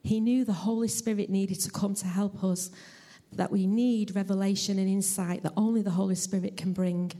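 A woman preaching a church sermon in an earnest, heartfelt, measured way and sharing her own testimony. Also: medium pitch, level tone, warm tone. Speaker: lay preacher. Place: church service.

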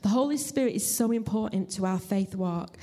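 A woman preaching a church sermon in an earnest, heartfelt, measured way and sharing her own testimony. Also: medium pitch, mellow. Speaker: lay preacher. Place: church service.

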